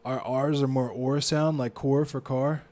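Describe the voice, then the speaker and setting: Profane streamer with a Baltimore accent. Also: male voice, medium pitch, steady tone, measured pace. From Baltimore, United States. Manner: profane, reacts loudly to what he reads. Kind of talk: casual live-stream chat, reading news aloud.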